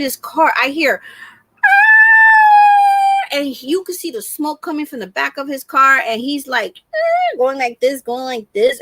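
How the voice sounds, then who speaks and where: A middle-aged woman hosting a crafting live stream, telling a story in an animated, exclamatory way. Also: high voice, no room sound. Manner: animated, exclamatory, acts out the scene.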